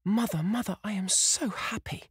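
A man's voice: high-pitched, moderate pace, breathy edge, no echo, studio quality, pitched above the performer's own voice. A man reading an audiobook, voicing a young girl who gushes breathlessly about being in love. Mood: elated.

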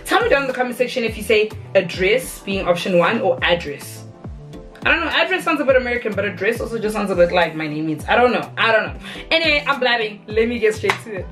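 A young woman talking casually to her viewers in a vlog, bubbly and chatty, her voice jumping up into squeals when she gets excited. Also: mid-range voice, fast, faint music behind. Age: young adult. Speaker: content creator.

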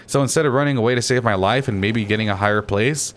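A man's voice: fairly low pitch, fast, few pauses, fairly bright tone. A young man commentating his own game as he plays, ranting and swearing nonstop about the other players. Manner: swears constantly, ranting and complaining. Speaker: gaming channel host. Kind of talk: frustrated gameplay commentary. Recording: faint background noise.

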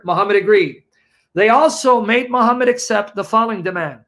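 A man's voice: sits high, expressive, normal speed, pushed and bright. A man telling a story as commentary in an emphatic, incredulous way, acting out the quotes. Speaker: religious debate show co-host.

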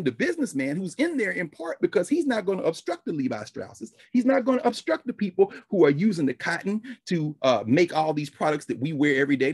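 An animated man holds forth in commentary, his husky voice swinging from high to low. He keeps acting out other people's voices as he goes. The sound is close and dry, with no room around it. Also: no echo. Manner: animated, plays out voices of officials. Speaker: history lecturer. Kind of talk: animated commentary with acted-out phone calls.

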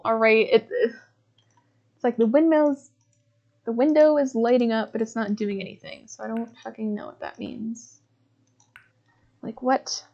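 A woman's voice: fairly high pitch, warm tone, dull audio. A woman streaming a puzzle game live, talking casually, often puzzled, swearing and laughing as she reads chat aloud. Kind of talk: casual live gameplay commentary.

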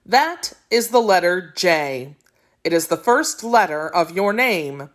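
Gentle old typesetter man, calm and low, slow and unhurried, read by a woman. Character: kindly old male typesetter, gruff then gentle.

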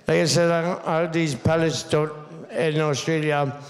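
A man's voice: a little high, steady tone, moderate pace. A man in his fifties with a Geordie accent, telling rambling, swear-filled stories on stage as a guest speaker. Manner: swearing, rambling storyteller with restarts. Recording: stage mic in a reverberant hall.

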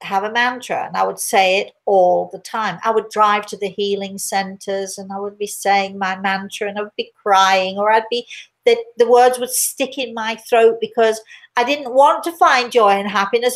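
A middle-aged woman and spiritual teacher speaking live to viewers, slow and deliberate, repeating key words for emphasis. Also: medium pitch, steady tone.

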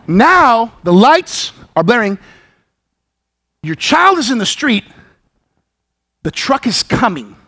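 Passionate male preacher, high and very animated, prone to shouting. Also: unhurried, vocal fry, long pauses, husky. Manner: passionate, rising to shouts, repeats words when excited. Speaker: pastor. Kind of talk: sermon. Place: church sanctuary.

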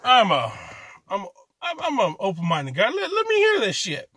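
A man's voice: sits high, huge pitch swings, moderate pace, pushed and bright, breathy edge, dry recording. A man from Canada doing an amateur stand-up comedy set, ranting profanely in a rambling way and restarting his sentences often.

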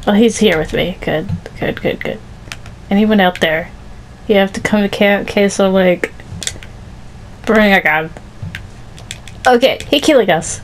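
A woman's voice: medium pitch, a little slow, long pauses, a little hiss or hum, rough recording. A woman chatting casually while playing a video game, laughing often mid-sentence. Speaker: gamer streaming with a friend. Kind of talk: casual gaming chat.

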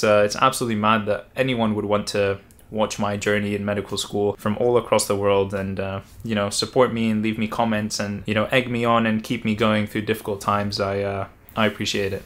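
A young man in his twenties, a medical student, chatting casually to his camera with a relaxed, easygoing manner. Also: lowish voice, fairly quick. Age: 20s. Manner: relaxed, chatty, says "mad" a lot. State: out of breath while walking. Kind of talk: casual vlog talk to camera. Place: London streets and home.

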